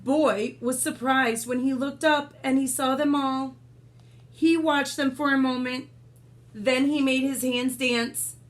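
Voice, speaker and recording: A woman's voice: sits high, fairly even intonation, slow. A woman reading a picture book aloud, with sound effects and little asides to her listeners. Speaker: storyteller.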